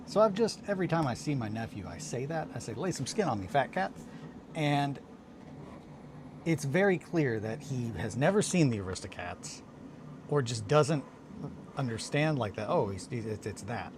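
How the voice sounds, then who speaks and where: A man's voice: medium pitch, lively intonation, normal speed, background noise. A tired man hosting a casual hobby livestream from his home workshop, telling a story in a rambling way with restarts and fillers. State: tired, just woken up.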